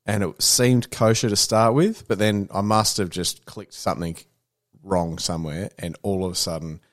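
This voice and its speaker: A man in casual chat, blunt and sweary, clearing his throat now and then. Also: low voice, steady tone, moderate pace.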